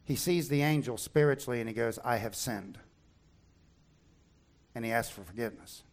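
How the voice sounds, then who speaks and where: A man preaching a sermon, retelling a Bible story in an animated way and acting out the characters' lines. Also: medium pitch, fast. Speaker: pastor.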